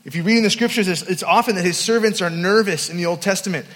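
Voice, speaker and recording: A man's voice: high voice, fast, fairly bright tone. A man giving a storytelling sermon at a youth camp, self-deprecating and humorous. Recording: long hall reverb.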